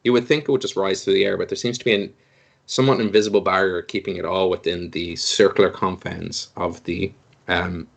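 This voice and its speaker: A man's voice: low voice, fairly even intonation, fairly quick, creaky. Man narrating a tabletop game. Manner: meandering, hesitant narration with many fillers. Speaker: game master.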